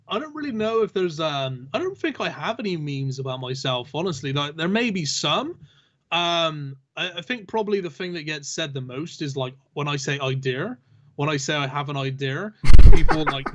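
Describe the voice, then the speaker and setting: A man with a rhotic Southern English accent, talking in a loose, rambling way with lots of fillers and casual swearing. His voice sits a little high, and it comes through a dull, lo-fi mic. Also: expressive, brisk, fairly bright tone. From southern England. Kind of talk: casual chat.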